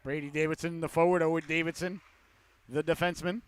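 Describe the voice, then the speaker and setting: A man calling a youth hockey game play-by-play, with rapid calls that rise to excited shouts on goals. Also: on the high side, clear, resonant tone. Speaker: play-by-play commentator.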